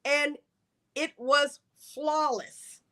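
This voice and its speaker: Speaking extremely slowly in a voice that sits high, a woman who retired as an Air Force colonel relates a long career story during a podcast interview. She acts out the quoted dialogue of the people she describes, telling it all in a lively way.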